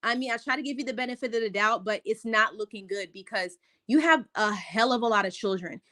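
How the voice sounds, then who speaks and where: A woman speaks close to her microphone in a casual recap vlog, with a somewhat high voice. She is opinionated and chatty, and talks as a mother reacting to a reality show. Her pitch jumps up sharply when something gets to her. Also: brisk, pushed and bright. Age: adult, a mother.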